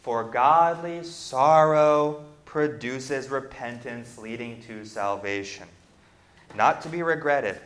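A man preaching a Bible lesson, reading scripture aloud and then explaining it, building emphatic lists and pausing on fillers as he thinks. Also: mid-range voice, fairly bright tone. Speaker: preacher teaching on repentance. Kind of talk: Bible class sermon. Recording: echoey room.

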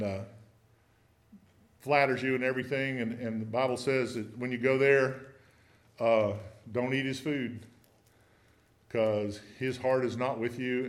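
A man teaching a Bible study in a conversational way, often putting questions to his listeners. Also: mid-range voice. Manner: asks the group many questions.

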